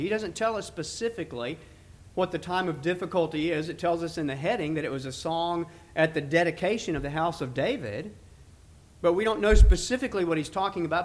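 Man preaching, slow emphatic scripture reading. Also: sits high. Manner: reads scripture slowly and emphatically. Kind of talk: sermon.

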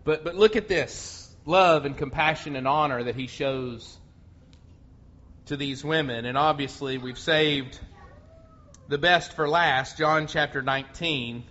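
Male pastor, fairly high voice, slow deliberate sermon delivery, muffled lo-fi audio. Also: sharp tone. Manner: slow, earnest preaching with repeated restarts. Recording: muffled lo-fi sound.

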